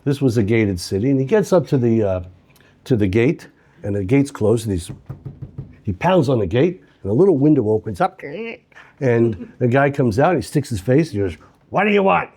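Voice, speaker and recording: A man teaching a lesson through an animated, conversational story. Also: medium pitch, moderate pace, slightly rough.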